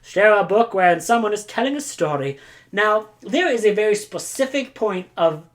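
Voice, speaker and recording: A woman's voice: mid-range voice, lively intonation, moderate pace. A woman chatting casually as a book vlogger, rambling with goofy asides, silly sound effects and lots of filler words. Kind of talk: casual chat.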